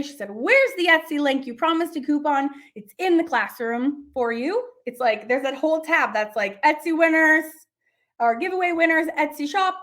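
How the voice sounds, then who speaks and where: A bubbly woman teaching art in a relaxed livestream, her voice pitched high. She gushes over student work and chats along freely, full of fillers. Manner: bubbly, gushing, chatty with many fillers. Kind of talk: casual livestream lesson.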